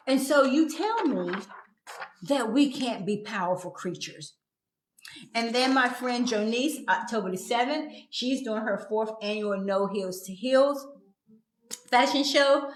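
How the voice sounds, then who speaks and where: A woman's voice: a little high, slight background noise. A woman hosting her own talk show, speaking in a casual, earnest and heartfelt way while encouraging her viewers. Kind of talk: casual live-stream talk. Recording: echoey room.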